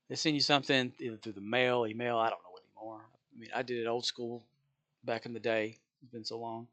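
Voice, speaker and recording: A tired man venting about his day in a loose, rambling rant while he plays a game. He sounds exasperated and swears freely, with frequent little chuckles, and his voice sits at an ordinary middle pitch. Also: a bit bright. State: worn out, low energy. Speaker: gaming streamer venting about work.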